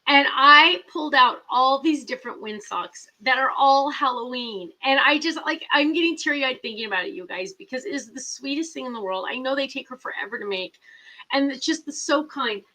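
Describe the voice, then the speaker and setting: A woman's voice: high-pitched, animated, moderate pace, bright, forceful tone, poor audio. A middle-aged woman hosting a casual live chat, rambling and reading viewer comments aloud. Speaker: host.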